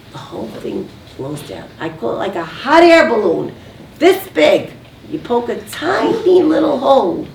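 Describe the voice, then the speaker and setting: A woman's voice: fairly high pitch, creaky, a little mellow. A woman running a communication workshop, coaching a live audience and asking them to call out answers. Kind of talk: teaching to a group. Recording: echoey room from far off, faint background noise.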